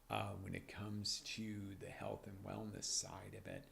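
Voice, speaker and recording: Gravelly energetic motivational coach man. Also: on the low side, takes it slowly. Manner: energetic, animated, drops to whispers then surges loud. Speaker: life coach and show host. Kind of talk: live motivational talk. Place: broadcast live on social media.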